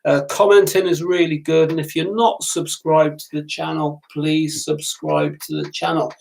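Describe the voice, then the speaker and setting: A man's voice: on the high side, lively intonation, moderate pace, creaky, darkish tone, rough recording. A middle-aged man with a southern English accent, chatting casually on a live stream and answering viewers by name as a motorcycle instructor. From southern England. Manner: chatty, addresses viewers by name, lots of ums.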